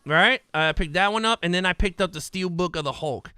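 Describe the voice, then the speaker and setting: A man's voice: high-pitched, a little fast, pushed and bright, clear, resonant tone, dry recording, clean studio sound. A man co-hosting a podcast, laid-back, reading out viewer comments in casual chat.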